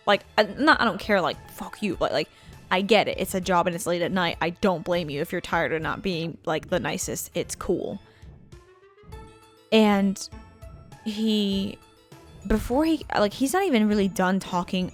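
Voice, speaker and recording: A woman co-hosting a game let's play, telling a profane, animated anecdote in a casual chat style. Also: medium pitch. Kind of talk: casual storytelling while gaming.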